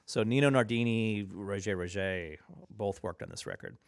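A man's voice: on the low side, moderate pace, no echo, studio quality. A man co-hosting a casual radio chat, talking in a rambling, enthusiastic way with lots of fillers. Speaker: radio show co-host, record label owner.

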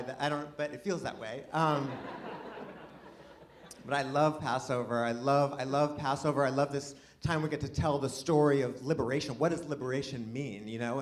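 Before a live audience, a man with a slightly high voice performs a rambling, self-deprecating stand-up set, punctuated by excited outbursts.

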